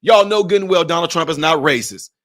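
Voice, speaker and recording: A man's voice: on the high side, a little fast, a bit bright. A man giving emphatic, conversational commentary in a vlog, speaking directly to his viewers.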